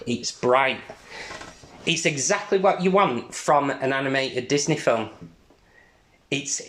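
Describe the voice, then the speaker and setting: Slow-talking, enthusiastic co-host. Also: male voice, mid-range voice, a bit bright, roomy sound, a little hiss or hum. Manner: enthusiastic, rambling, laughs often. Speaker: podcast co-host. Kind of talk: casual film chat.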